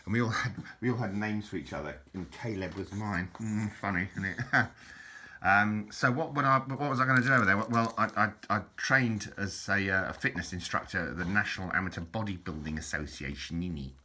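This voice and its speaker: A man's voice: fairly low pitch, fairly quick, bright, forceful tone, a little hiss or hum. An older man rambling through old keepsakes, chuckling often and tagging lines with "innit" and "mate". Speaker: vlogger. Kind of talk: rambling reminiscence over keepsakes.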